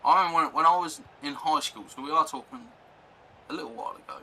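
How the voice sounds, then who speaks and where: A man's voice: a little high, fast, sharp tone, poor audio. A young man chatting casually on a live stream, rambling and reacting to chat and gameplay.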